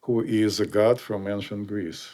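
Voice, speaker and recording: A man's voice: on the low side, steady tone, warm tone. Russian-accented man hosting a podcast. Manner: explanatory, meandering, hesitant with many pauses. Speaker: podcast host. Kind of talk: casual podcast chat.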